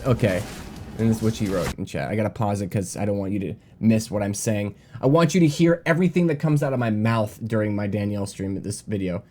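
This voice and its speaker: A man's voice: fairly low pitch, warm tone. A young man live-streaming, talking defensively in a rambling way and reading viewer chat aloud between his points. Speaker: game streamer.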